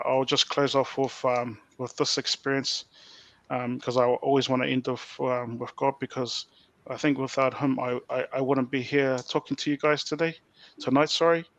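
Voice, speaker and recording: Podcast guest: soft-spoken Kiwi man, halting delivery, mid-pitched voice, dry sound. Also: no room sound. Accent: New Zealand. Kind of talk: personal testimony.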